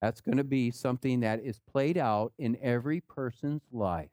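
A man preaching a sermon, swinging between rising rhetorical questions and low, quiet asides. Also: moderate pace, hardly any pauses, dry recording, clean studio sound. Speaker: pastor.

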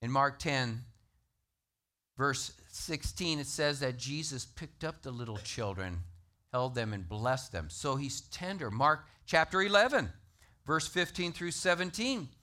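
A man preaching a sermon, emphatic and animated, citing scripture references to the congregation. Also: mid-range voice, measured pace. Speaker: pastor.

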